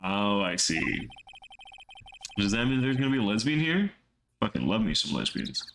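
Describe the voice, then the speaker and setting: A man's voice: lowish voice, very animated, moderate pace, vocal fry, pauses often, fairly bright tone, a little hiss or hum. A Texan man streaming a game, reading its text aloud and cracking crude jokes in between. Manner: joking, profane asides. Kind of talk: casual gameplay commentary, reading dialogue aloud.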